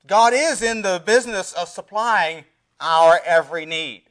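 A male pastor preaching a sermon, reading scripture aloud and swinging between emphatic rises and quiet, dropped endings. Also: high voice, a little slow. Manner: preaching with scripture readings in King James wording.

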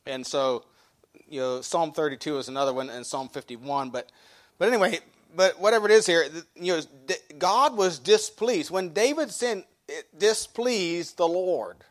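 A middle-aged male pastor preaching a sermon in a folksy way, repeating and restarting phrases and reading scripture slowly. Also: fairly high pitch, fairly bright tone.

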